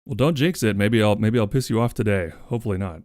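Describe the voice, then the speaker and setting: A man's voice: lowish voice, fast, a little mellow, no echo, studio quality. A man streaming, chatting casually and playfully, thanking viewers by name. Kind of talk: casual livestream chat.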